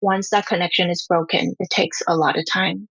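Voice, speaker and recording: Husky-voiced mother telling her story. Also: on the low side, steady tone, brisk, a bit bright, no room sound, low-quality recording. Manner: earnest storytelling, acting out her children's voices. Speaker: parent guest. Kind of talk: candid conversational interview.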